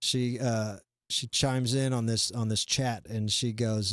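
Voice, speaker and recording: A man's voice: mid-range voice, fairly even intonation, takes it slowly, a bit bright, dry recording, studio quality. A man hosting a comedy live stream, chatting casually and rambling with lots of fillers and restarts. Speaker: comedy show host.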